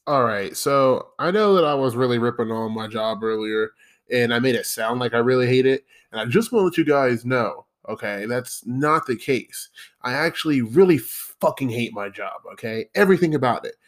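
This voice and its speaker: A man's voice: medium pitch, animated, moderate pace. A man hosting a podcast, telling rambling, profane, self-deprecating stories in a casual monologue. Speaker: podcast host.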